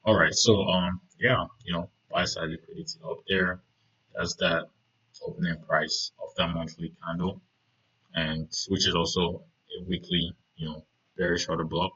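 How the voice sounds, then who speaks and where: A man's voice: low voice, flat delivery, moderate pace, pushed and bright, slightly rough, muffled recording. A man casually talking through trading charts, rambling with many fillers and "right?" checks. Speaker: trading video host.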